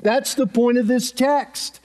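A man's voice: very high voice, fairly even intonation, slow, darkish tone. A man preaching a sermon as a pastor, earnest and emphatic, repeating key phrases for weight.

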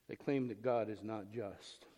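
A man's voice: on the low side, fairly even intonation, a little slow, dark tone. A man preaching a sermon as pastor, emphatic, asking rhetorical questions and acting out the voices in the text. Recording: long reverb in a large hall.

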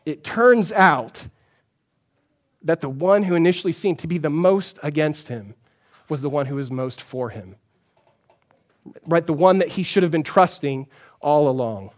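A man, a pastor, preaching a sermon in a conversational storytelling way, often dropping to a soft, low voice for emphasis. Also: expressive, a little slow, long pauses.

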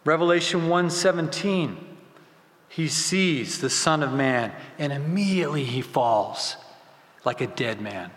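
A man preaching a sermon as pastor, swinging from loud emphasis to hushed, quiet lines. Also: on the high side, lively intonation, measured pace. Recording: echoey hall with long reverb.

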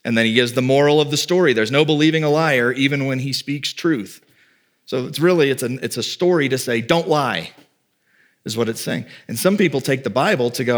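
A man preaching a sermon as pastor, talking plainly to his congregation and dropping quick, joking asides. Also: medium pitch.

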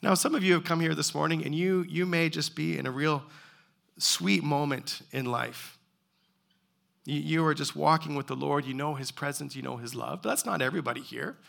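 Gravelly, bright-voiced male preacher. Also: on the high side, normal speed. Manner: earnest, pleading preaching with repeated rhetorical questions. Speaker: pastor. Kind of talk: sermon.

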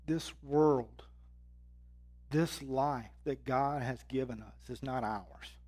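A man preaching a sermon, reading scripture with rising intensity and dropping low and quiet to drive points home. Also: slow pace.

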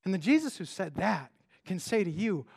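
Male pastor, very high-pitched, chatty animated sermon delivery. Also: a little fast, gravelly, breathy edge. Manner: conversational, animated, with frequent restarts and rhetorical questions.

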